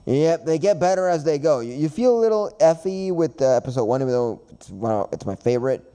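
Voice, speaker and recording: A man's voice: fairly high pitch, animated, brisk, mellow, smooth. A man hosting a podcast in casual chat, rambling and repeating himself with frequent laughs. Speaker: podcast host.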